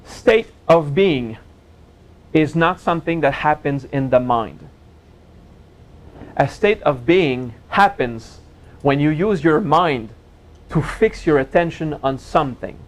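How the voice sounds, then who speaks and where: Gentle, playful man teaching a seminar. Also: fairly high pitch, expressive, slow pace, pauses often, rough recording. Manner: gentle, playful, laughs at his own jokes. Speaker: spiritual teacher. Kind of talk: relaxed seminar talk.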